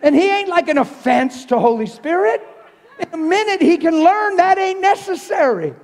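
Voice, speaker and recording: A man preaching in a church, his voice sitting high for a man. He tells stories with animated swings from hushed, near-whispered lines to loud, laughing shouts. The live sanctuary gives his voice a long, ringing reverb. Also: normal speed, a faint crowd. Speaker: traveling preacher. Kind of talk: sermon with storytelling.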